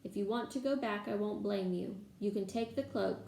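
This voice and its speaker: Determined boy wizard, urgent and hushed, read by a woman, mellow, slightly gravelly. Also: medium pitch, moderate pace, far from the mic, a little hiss or hum, natural voice. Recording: echoey room.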